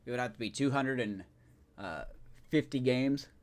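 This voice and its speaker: A man's voice: mid-range voice, normal speed, darkish tone. A man streaming a video game live, talking casually in a rambling, self-correcting way and chatting with his viewers.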